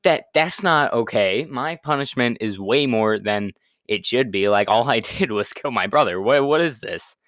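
A man's voice: mid-range voice, lively intonation, normal speed, fairly bright tone, dry recording, clean studio sound, natural voice. A man voicing Cain as a whiny, defensive man who stammers his excuses in a casual Bible retelling. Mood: defensive whine.

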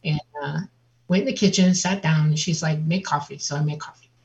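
A woman guest on an interview, telling a personal story in a lively way and acting out the voices of other people. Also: deep voice, fairly quick. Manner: vivid, laughs often, acts out quotes. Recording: dull lo-fi audio.

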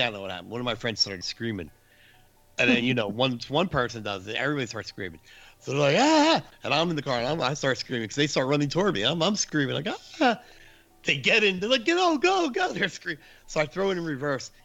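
A man casually telling a spooky story from his youth, animated and laughing, acting out his friends' screams. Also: medium pitch, fast talker.

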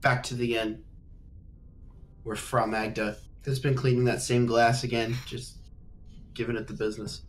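A young man narrating a tabletop game as game master, halting and rambling with fillers. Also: mid-range voice, level tone, slight background noise.

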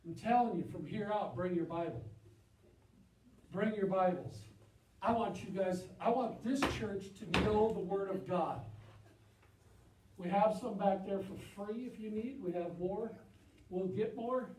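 High-voiced impassioned male preacher, echoey church. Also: a little slow, pauses often, distant mic, noisy background. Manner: impassioned, rising to loud emphatic peaks, then dropping low and confiding. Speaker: pastor. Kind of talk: sermon. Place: church sanctuary.

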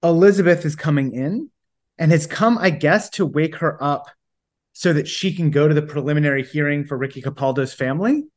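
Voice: medium pitch, brisk, darkish tone. A podcast co-host recapping a book in casual chat, reading quotes aloud and then questioning them.

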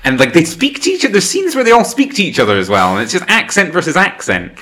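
A man co-hosting a podcast, talking about a film in a rambling, animated way full of fillers. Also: fairly high pitch, quick pace. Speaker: podcast co-host. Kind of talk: casual film chat.

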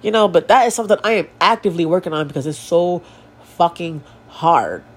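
A woman's voice: on the low side, expressive, brisk, slightly rough. A young woman hosting a podcast alone, talking bluntly and profanely about her feelings, her nose stuffy. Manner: blunt, profane, emotional and confessional. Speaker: podcast host. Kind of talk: candid solo podcast monologue.

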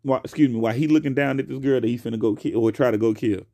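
A young man hosting his own podcast alone, talking casually and profanely into a close mic, swinging between loud outbursts and quiet asides. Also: medium pitch, very fast, creaky, dry recording. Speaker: podcast host. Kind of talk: casual solo podcast rant.

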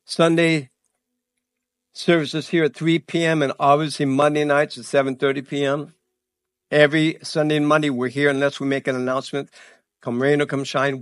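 A male pastor running through church announcements in an animated, excitable way, stumbling over words and laughing at his own slips. His voice sits at an ordinary middle pitch for a man. The sound is dry and close, with little room echo. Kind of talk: church announcements before a sermon. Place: church sanctuary.

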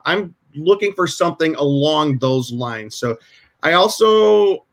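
Unhurried yet animated, a man with a slightly high voice hosts a podcast by video call. He chats casually, rambling through stories and breaking off to restart them again and again. He is in a home room with shelves.

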